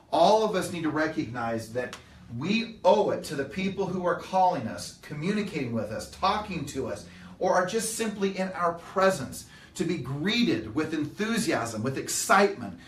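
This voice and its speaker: A man's voice: on the high side, a little hiss or hum. A middle-aged man giving a motivational talk to a live audience in an earnest, emphatic way, acting out the voices he quotes. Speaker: motivational speaker. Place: meeting room with live audience. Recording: echoey room, mic at a distance.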